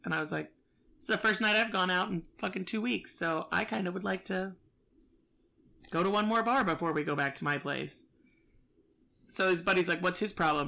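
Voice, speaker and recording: A woman's voice: fairly low pitch, creaky, bright, forceful tone. A woman telling a story in casual chat, profane and exasperated, acting out both sides.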